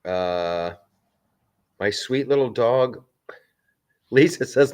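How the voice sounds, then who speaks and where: A man's voice: medium pitch, expressive, extremely slow, long pauses, darkish tone, clear, resonant tone. A man hosting a live stream from a film set. He chats casually, reads out viewer comments and rambles with restarts and asides.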